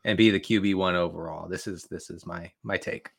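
Stammering, excitable fantasy football guest. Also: male voice, sits low, brisk, vocal fry, slightly rough. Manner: stammering restarts, excitable, joking. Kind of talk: casual chat.

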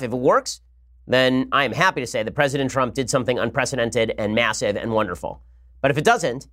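A man talks politics at a rapid clip, pressing his points hard and arguing each one. His pitch sits in an ordinary middle range for a man. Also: a bit bright. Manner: rapid, argumentative, emphatic. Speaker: podcast host. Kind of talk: political commentary.

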